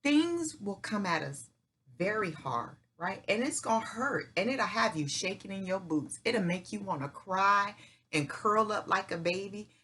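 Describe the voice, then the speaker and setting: A woman's voice: mid-range voice, expressive, unhurried, fairly bright tone, a little hiss or hum. A middle-aged woman hosting her own channel, giving an emphatic, preacher-like motivational faith talk in folksy speech, repeating herself and checking in with "right?" and "okay?". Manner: folksy speech with "y'all" and "ain't". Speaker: channel host.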